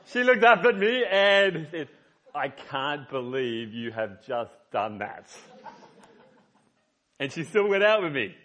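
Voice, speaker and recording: A man's voice: mid-range voice, fairly bright tone. A man preaching a sermon as a pastor, reading scripture and telling personal stories in an earnest, conversational way.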